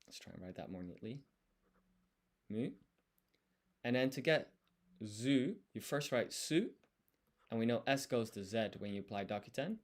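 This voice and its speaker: A man's voice: mid-range voice, animated, normal speed, pauses often. A man studying on a livestream, thinking aloud and explaining each step as he writes. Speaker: language learner.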